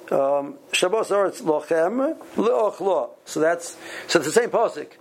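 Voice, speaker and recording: A man teaching a Talmud class, speaking haltingly with many repeated words and ums. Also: high-pitched, animated, gravelly, slight background noise, poor audio. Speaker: Torah teacher.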